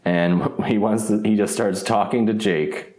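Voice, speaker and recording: A man with a very low, deep voice talks through an episode recap in a loose, rambling way, often laughing and restarting his sentences. The sound is roomy and echoey. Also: steady tone, a little slow, a little mellow. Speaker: podcast co-host. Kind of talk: casual episode recap chat.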